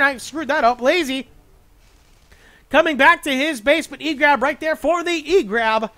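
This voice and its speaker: Young male solo esports caster, high bright voice, rapid excitable play-by-play with jokey asides. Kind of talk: solo play-by-play game commentary.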